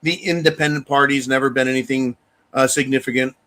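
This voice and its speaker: A man's voice: medium pitch, fairly even intonation, fairly quick, bright, forceful tone. A man hosting a live talk stream, ranting bluntly with profanity and speaking straight to his viewers and donors. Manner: addresses viewers directly. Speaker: livestream host reading viewer donations. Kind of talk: casual ranting talk show.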